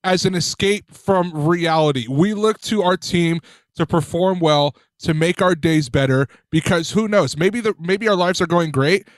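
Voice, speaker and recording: A man's voice: high voice, measured pace, no echo. A young man co-hosting a casual sports chat, cutting in with pushy, argumentative points. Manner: pushy, argumentative, cuts in to make his point. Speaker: podcast co-host.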